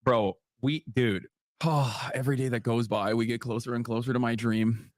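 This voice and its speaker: A man's voice: mid-range voice, fairly even intonation, normal speed, no room sound. A man hosting a live reaction stream, ranting in profane, heated commentary. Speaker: livestream host.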